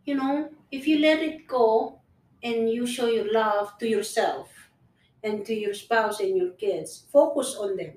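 Slow-spoken earnest woman in an echoey room. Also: fairly high pitch, darkish tone, distant mic. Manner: earnest, repetitive, restarts phrases. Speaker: guest sharing personal story. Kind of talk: casual conversation. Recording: echoey room, voice set back from the mic.

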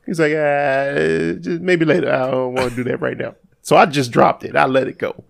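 A man's voice: medium pitch, fairly even intonation, moderate pace, creaky. A man co-hosting a casual podcast, joking and laughing as he retells a story. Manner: laughing, jokey, rises sharply when mimicking. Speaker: podcast co-host.

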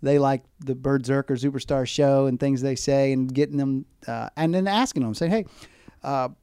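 A middle-aged man talks as a guest in an interview, telling long, animated stories and slipping into the voices of the people he quotes. His voice is mellow and resonant. The sound is dry and close. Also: mid-range voice, normal speed, clear, resonant tone, no room sound. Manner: animated storyteller who acts out quoted voices. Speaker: baseball mascot performer, guest. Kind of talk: storytelling interview chat.

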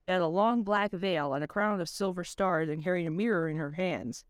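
A woman reading her own spooky story aloud on a voice call, in a measured storytelling manner. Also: fairly low pitch, clear, resonant tone, dry recording, studio quality. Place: home voice chat. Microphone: computer mic on a voice call.

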